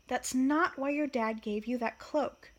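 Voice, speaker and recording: Firm mother, read by a woman, scolding, brisk, fairly high voice. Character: firm busy mother of three.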